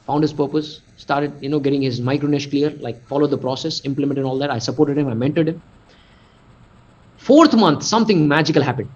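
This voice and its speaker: A man's voice: a little high, a little mellow, husky. A man with an Indian English accent giving a motivational webinar talk as a mentor, emphatic and repeating phrases for stress. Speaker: mentor and coach. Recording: lo-fi webinar audio.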